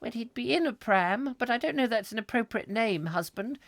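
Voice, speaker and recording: A man voicing a fussy, flustered wife in an improvised comic sketch, in a fluttery falsetto that dithers over its words. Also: animated, brisk, a bit bright, dry recording, exaggerated voice. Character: fussy Victorian-style wife, shrill and flustered.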